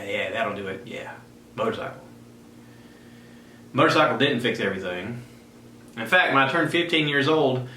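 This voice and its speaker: A man telling a personal story as a podcast host, animated and jumping into the voices of people in his tale. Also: mid-range voice, slight background noise. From South Carolina. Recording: echoey room, faint ambience.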